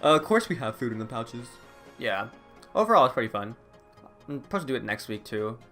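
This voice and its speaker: A man's voice: medium pitch, big pitch swings, fairly quick, fairly bright tone, faint music behind. A young man in his late teens or early twenties, vlogging in a rambling casual chat, full of "like" and laughs. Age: young adult. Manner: rambling, heavy use of "like", frequent laughs.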